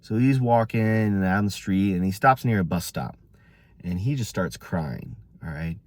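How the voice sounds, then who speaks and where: A man's voice: sits low, expressive, normal speed, a little mellow, no room sound. Rambling, casual male storyteller. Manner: rambling with frequent fillers.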